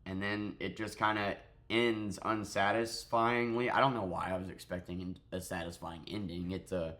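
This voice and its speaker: A man's voice: low voice, fairly even intonation, normal speed, a bit bright. A tired man who just woke up, giving a rambling, profane spoken review of a TV show and often restarting his sentences.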